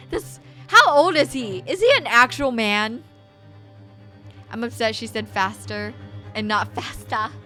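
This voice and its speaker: A woman's voice: mid-range voice, pushed and bright. Chatty woman streamer over music. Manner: chatty, reacts aloud while reading. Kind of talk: casual game commentary.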